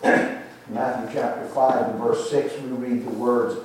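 An older man preaching a sermon, slow and emphatic, repeating phrases for emphasis, with the congregation answering now and then. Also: medium pitch, little pitch movement, a little mellow. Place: church sanctuary. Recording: echoey room, distant mic, faint noise.

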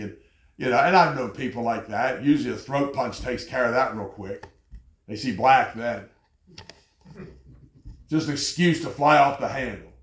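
A man preaching a sermon with an animated delivery, often jumping high in pitch as he acts out angry people. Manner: animated, jumps to high pitch when mocking others. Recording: echoey room.

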